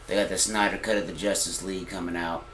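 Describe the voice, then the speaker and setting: A man's voice: sits low, level tone, fast talker, a bit bright, a little hiss or hum. A man, co-hosting a casual podcast chat in an earnest, laid-back, slangy way. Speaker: podcast co-host. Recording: roomy echo.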